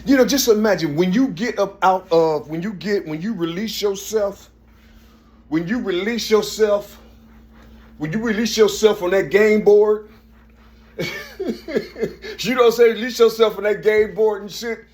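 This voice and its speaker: A man's voice: high voice, measured pace, long pauses, a little mellow. A man in a rambling spoken monologue who keeps saying "you see", swears a lot and often raises his voice for emphasis. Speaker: vlogger.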